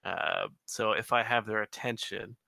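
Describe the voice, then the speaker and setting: A man playing a tabletop game, calmly setting out what his character does. His voice is bright with a gravelly edge, and the mic is close and dry. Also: fairly low pitch, a little slow, no echo. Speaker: player. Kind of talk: tabletop game play over a call.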